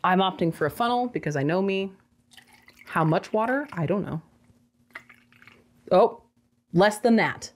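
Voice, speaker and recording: A woman's voice: medium pitch, animated, a little slow, pauses often, a little hiss or hum. Sarcastic woman reviewing a toy. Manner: sarcastic, exasperated asides. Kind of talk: casual product review.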